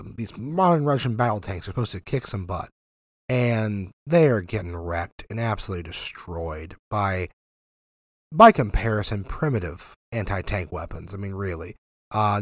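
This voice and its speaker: A man's voice: low voice, lively intonation, normal speed, no room sound, studio quality. A man hosting a podcast, giving sarcastic, heated political commentary full of fillers and swearing. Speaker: podcast host.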